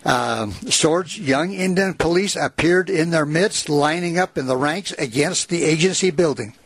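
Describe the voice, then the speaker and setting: Husky man retelling a frontier tale. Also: fairly high pitch, measured pace, dry recording. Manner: reads a passage aloud with asides, fillers and small laughs. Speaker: storyteller. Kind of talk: casual retelling of a written history.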